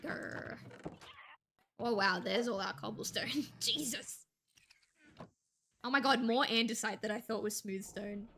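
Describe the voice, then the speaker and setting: A woman's voice: mid-range voice, brisk, hardly any pauses, a bit bright, slight background noise. A woman streamer chatting casually while she plays, thinking aloud and swearing now and then. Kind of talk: casual gameplay stream chat.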